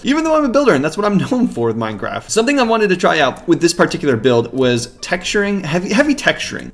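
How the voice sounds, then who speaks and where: A man hosting his own video game series, talking through his play with animated, jokey, self-mocking commentary. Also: high voice. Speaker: Minecraft survival series host. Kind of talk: gameplay commentary.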